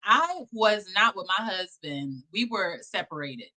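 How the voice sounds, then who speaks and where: A woman's voice: medium pitch, very animated, unhurried, bright, forceful tone. A woman in her thirties doing casual commentary, brash, profane and emphatic.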